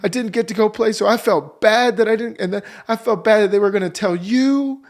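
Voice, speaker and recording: A man's voice: high-pitched, brisk. A man, a guest on a podcast, earnestly telling a story about his family and acting out the dialogue. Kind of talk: casual conversation.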